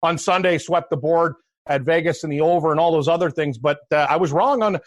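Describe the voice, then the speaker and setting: A man's voice: a little high, fairly quick, dry recording. A man co-hosting a sports betting podcast, chatting casually with a joking, self-deprecating manner. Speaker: podcast co-host.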